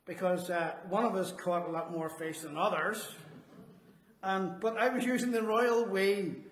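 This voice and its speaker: A man preaching a sermon, earnest and emphatic, slowing down on his key phrases. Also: high-pitched, fairly even intonation, a little hiss or hum. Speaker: Salvation Army officer preaching. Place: church hall. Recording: echoey church hall.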